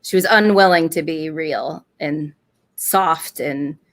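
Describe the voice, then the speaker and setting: A woman co-hosting a casual TV recap chat, answering with quick, agreeable affirmations. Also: low voice, dry recording. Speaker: co-host.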